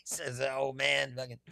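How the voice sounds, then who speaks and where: A man's voice: mid-range voice, vocal fry, a bit bright, dry recording, studio quality. A man hosting a casual comedic political talk, rambling and profane, breaking into laughter often. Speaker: political commentary host.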